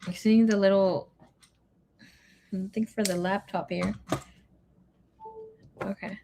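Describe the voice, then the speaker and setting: A woman's voice: mid-range voice, steady tone, slow, vocal fry, pauses often, warm tone, slight background noise. Chatty woman tarot reader on a live stream. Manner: chatty, reads viewer comments aloud, slips into Spanish words. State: emotional, grieving. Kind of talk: casual live-stream chat.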